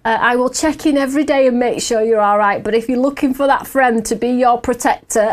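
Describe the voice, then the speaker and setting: A fairly high-voiced woman hosts a live craft shopping stream. She chats loosely with her viewers and often breaks into giggles at her own stories. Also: fairly quick, few pauses. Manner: chatty and giggly, laughs at herself often. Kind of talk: casual live chat with viewers.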